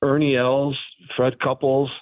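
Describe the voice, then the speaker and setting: A former pro golfer, a man, talking haltingly but frankly as a phone-in guest on a radio interview. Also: mid-range voice, little pitch movement, dry recording. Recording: tinny phone line.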